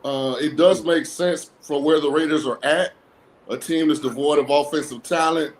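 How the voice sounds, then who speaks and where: A man's voice: a little high, steady tone, normal speed, a little hiss or hum, poor audio. A man appearing as a guest on a sports talk show, giving blunt, sarcastic takes in a casual way. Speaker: guest football analyst. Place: lives in a cold-weather state.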